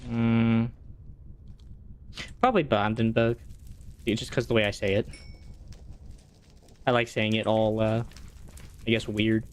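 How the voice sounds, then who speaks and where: A man's voice: on the low side, steady tone, a little slow, long pauses, clear, resonant tone. A man streaming a game, chatting casually and answering his chat as he plays. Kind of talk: casual chat while gaming.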